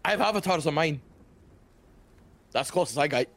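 High, bouncy man playing a tabletop game. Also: lively intonation, normal speed, gravelly. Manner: playful, joking. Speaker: player. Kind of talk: casual tabletop role-play.

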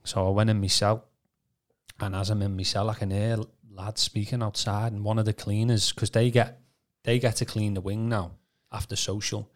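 A man from Birkenhead, telling his testimony on a podcast in a casual, animated way with stammering repeats. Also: lowish voice, normal speed. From Birkenhead, England. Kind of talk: casual storytelling.

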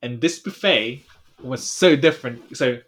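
A young man, co-hosting a podcast and recounting a trip in casual chat, rambling with many fillers and trailing off quietly. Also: medium pitch, a little slow. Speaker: podcast co-host.

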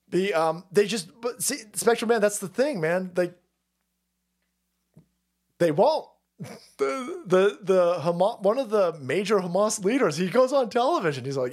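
A man's voice: fairly high pitch, sing-song, moderate pace, a little mellow. A man hosting a livestream, chatting casually and reading chat, profane and rambling, laughing often. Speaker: livestream host.

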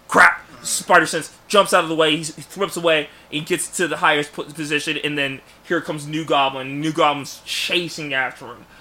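A man casually pitching a story idea on a podcast, rambling and acting out characters' lines under his breath. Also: sharp tone. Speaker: podcast co-host. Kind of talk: casual fan podcast chat.

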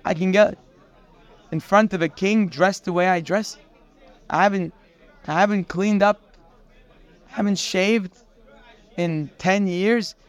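A man acting out a calm, dignified male prisoner who firmly refuses to rush, speaking in a measured way. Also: sits high, clean tone, some chatter behind.

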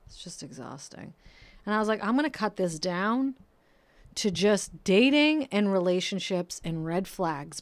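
Woman podcaster ranting into a close mic, swears a lot, rambles, smooth clear voice, dry sound. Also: medium pitch, no echo. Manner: swears often, rambling and self-mocking. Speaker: podcast host. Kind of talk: casual solo podcast rant. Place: home room, painters working outside. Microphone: close microphone.

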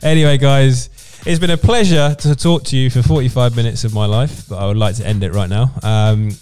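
A man's voice: medium pitch, brisk, smooth. A man hosting a podcast, telling stories animatedly in a casual chat. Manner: animated storyteller, laughs through his own stories. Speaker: podcast host.

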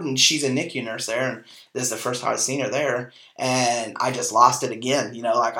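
A man in his forties from Kansas, hosting a podcast and telling a personal story in an animated, casual way with plenty of fillers. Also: mid-range voice, moderate pace. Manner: animated storyteller, acts out quoted dialogue, frequent fillers. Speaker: podcast host. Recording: echoey room.

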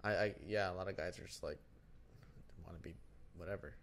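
A young man co-hosting a podcast, brash and animated in casual banter, swearing freely. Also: low voice, a little fast, a little hiss or hum. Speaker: podcast co-host.

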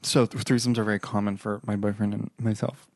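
A man's voice: fairly low pitch, flat delivery, brisk, dry recording. Playful, rambling man, dry close sound. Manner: playful, rambling, frequent restarts. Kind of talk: casual chat.

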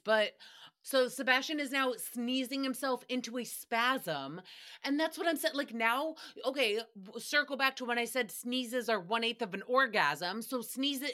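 Young woman, podcast recap host: bright, a bit high, sarcastic profane ranting. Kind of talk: solo comedic rant.

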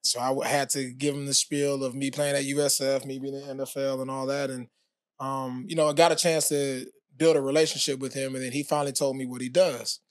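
A man, a former pro athlete, telling his story as a podcast guest in a relaxed, casual way with many fillers. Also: mid-range voice, a little fast, no echo, clean studio sound. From United States. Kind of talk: casual interview talk.

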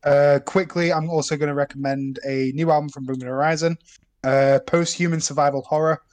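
A young man co-hosting a podcast, giving quick, blunt opinions in casual chat. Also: a little high, fairly even intonation. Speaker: podcast co-host.

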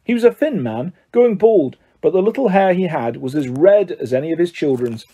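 A man's voice: a little high, normal speed, slightly rough. Man reading a storybook aloud. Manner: expressive, animated reading. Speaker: audiobook narrator. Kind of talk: scripted narration.

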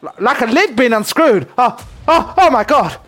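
A man's voice: very high voice, big pitch swings, moderate pace, fairly bright tone, heavily acted. A man playing a terrified field reporter in a comic mock news broadcast, talking frantically. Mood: nervous. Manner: frantic, screaming in terror.

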